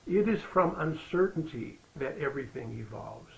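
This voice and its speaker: A man's voice: medium pitch, moderate pace, creaky, slight background noise, rough recording. A man giving a Sunday sermon, telling a story in a loose, conversational way with fillers. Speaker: spiritual practitioner giving the Sunday talk.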